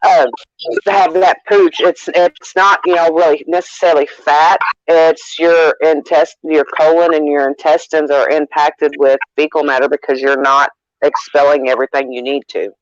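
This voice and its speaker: A man in casual chat, talking in a rambling, halting way, full of fillers and restarts. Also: a little high, level tone. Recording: dull lo-fi sound.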